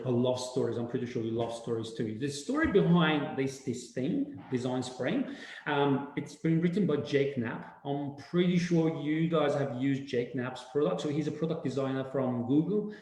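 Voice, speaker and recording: A man's voice: medium pitch, normal speed, a little hiss or hum. Echoey, rambling man. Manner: animated, rambling with many fillers and restarts. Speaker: webinar speaker. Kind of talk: casual presentation talk. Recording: very echoey room.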